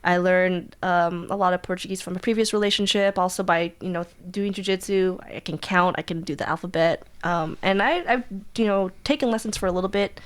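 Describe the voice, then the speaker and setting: A woman who is a guest on an interview show, talking in a bubbly, chatty way and laughing often. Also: fairly low pitch. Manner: bubbly, chatty, quick to laugh, many fillers. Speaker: guest, jiu-jitsu black belt. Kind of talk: casual interview chat.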